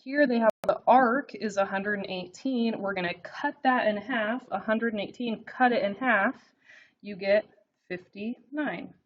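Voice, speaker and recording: This recorded math lesson has a medium-pitched woman talking through her notes as she writes them. She repeatedly asks her students "okay?", and the sound quality is a bit dull and lo-fi.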